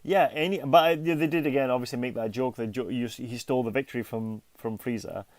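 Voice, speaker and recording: A man co-hosting a podcast in casual chat, often laughing and bursting into animated asides. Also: mid-range voice, fast, dry recording. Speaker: podcast co-host.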